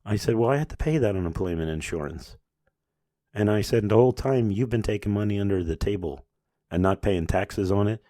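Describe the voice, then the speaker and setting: Middle-aged male podcast host, very low voice, chatty anecdotal storyteller who plays both sides of the talk. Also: fairly quick, dark tone, no echo, clean studio sound. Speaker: business owner hosting a podcast. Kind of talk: casual storytelling monologue.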